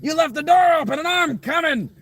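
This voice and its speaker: A man voicing a gloating, predatory male tick in a video game, shouting crude taunts in a much higher voice. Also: expressive, brisk, heavily acted.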